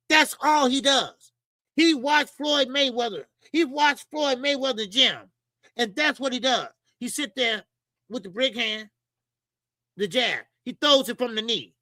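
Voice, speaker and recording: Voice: mid-range voice, pushed and bright, dry recording. A boxing channel host giving blunt, profane opinions straight to viewers, often repeating lines for emphasis.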